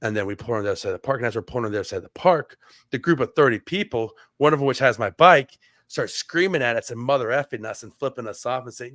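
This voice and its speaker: A man's voice: mid-range voice, animated, fast talker, fairly bright tone, dry recording, studio quality. A man on a podcast telling a long story casually, with many "like" fillers and restarts. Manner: rambling, heavy on "like" fillers and restarts. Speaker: podcast co-host.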